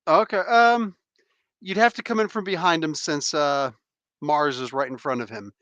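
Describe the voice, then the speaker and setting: A man's voice: fairly high pitch, moderate pace, fairly bright tone, no room sound. A man running a tabletop role-playing game as game master, joking and laughing often.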